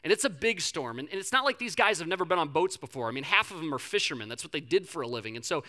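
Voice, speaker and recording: A male pastor preaching a sermon to a live congregation, telling a story in an animated, conversational way and often repeating words. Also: fairly high pitch, racing.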